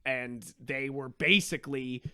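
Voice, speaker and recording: A man co-hosting a podcast in casual chat, animated and profane, rambling with lots of restarts. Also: medium pitch, measured pace, clear, resonant tone, dry recording, clean studio sound. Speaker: podcast co-host.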